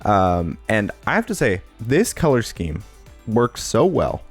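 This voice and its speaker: Relaxed low-voiced male podcast host. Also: takes it slowly, husky, soft background music. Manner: relaxed, filler-heavy, rambling. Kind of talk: casual talk-show chat.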